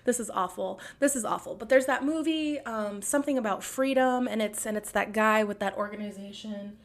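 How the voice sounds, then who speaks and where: A woman's voice: mid-range voice, fairly quick. A young woman hosting a podcast, delivering an angry, sarcastic and profane monologue. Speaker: podcast host.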